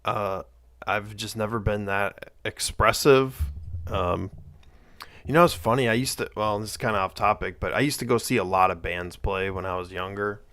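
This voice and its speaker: Low-voiced guy hosting a stream, thoughtful and laid back, soft asides. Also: normal speed. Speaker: host. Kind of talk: casual commentary on a played clip.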